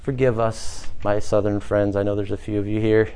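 A man's voice: on the low side, flat delivery, normal speed, mellow, clean tone. A man, the pastor, preaching a conversational sermon to his church congregation, building to emphatic passages. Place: small church, former bank building.

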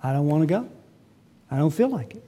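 A man preaching from the pulpit in a fairly high voice. He rises to loud, emphatic peaks, then drops to quiet, almost conversational asides. The delivery is animated and teacherly. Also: fairly quick. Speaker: pastor. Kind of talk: sermon.

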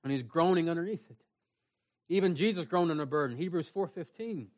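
High-pitched guy preaching in a small church, earnest, reads scripture out. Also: lively intonation, a little fast. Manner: earnest preaching, reads scripture aloud in King James wording. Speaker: pastor. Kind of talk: sermon.

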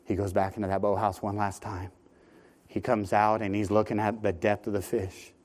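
Animated man preaching a storytelling sermon. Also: fairly low pitch, normal speed. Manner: animated storyteller who often repeats words when starting a phrase. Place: church sanctuary.

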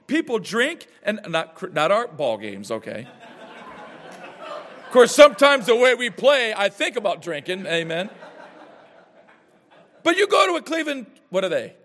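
A man preaching a sermon as pastor, with emphatic rhetorical questions and quick asides. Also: high voice, wildly swooping pitch, a bit bright, long reverb tail.

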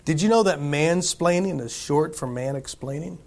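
A man's voice: a little high, moderate pace, vocal fry, a little mellow. A man preaching a sermon in a church, talking conversationally with rhetorical questions, asides to the congregation, and frequent restarts and fillers. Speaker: pastor.

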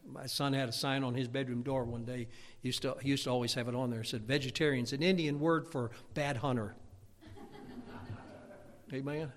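A man's voice: mid-range voice, steady tone, normal speed. A man preaching a sermon, telling folksy stories and asking for amens. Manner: folksy storytelling, calls of amen.

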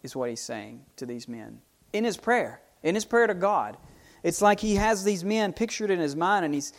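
A man preaching a sermon, unhurried, often repeating and restarting his phrases as he explains a psalm. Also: high voice, animated.

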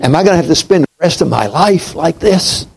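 A man preaching a sermon in a slow, reflective way, dropping to a hush on key points. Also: fairly high pitch, animated, gravelly, husky, low-quality recording.

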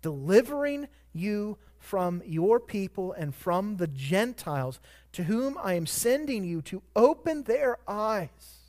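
A man with a high, light voice preaching a sermon. He moves from soft, measured reflection to sudden loud, ringing emphasis on key words. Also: big pitch swings. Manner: dynamic preaching, swelling to loud emphatic peaks. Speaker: pastor.

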